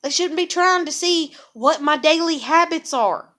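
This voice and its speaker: Her voice is high, pushed and bright, and she takes an unhurried pace. The woman, a vlogger, vents to the camera in anger, repeating herself and swearing heavily in a profane monologue.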